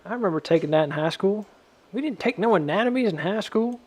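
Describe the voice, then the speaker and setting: Dim cocky bro, played by a man, raised pitch, fast, gravelly. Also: animated. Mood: bickering.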